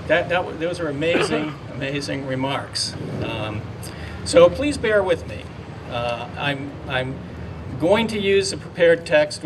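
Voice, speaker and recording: An older man giving a ceremonial speech outdoors, halting and heartfelt, with many fillers and restarts. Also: a little high, noisy background. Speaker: speaker at a memorial dedication. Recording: distant mic, faint outdoor ambience.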